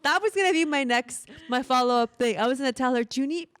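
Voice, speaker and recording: A woman's voice: high voice, fast, smooth. A woman in her thirties co-hosting a podcast, telling a story in casual chat with lots of laughter and acted-out quotes. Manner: animated, laughs often, acts out quotes. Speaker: podcast co-host.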